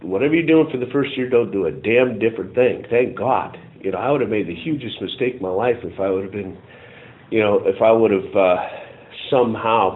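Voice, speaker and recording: A middle-aged man telling his recovery story in a rambling, halting way, full of restarts. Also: fairly low pitch. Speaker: recovery meeting speaker. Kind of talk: personal testimony. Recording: tinny phone-like audio.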